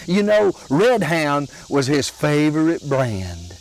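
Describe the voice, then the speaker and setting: An older man from Alabama with a Southern accent, telling homespun humorous stories in a slow, drawling way with chuckles. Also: on the high side, very animated, rough recording. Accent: Southern American. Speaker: storyteller. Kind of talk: folksy humorous storytelling.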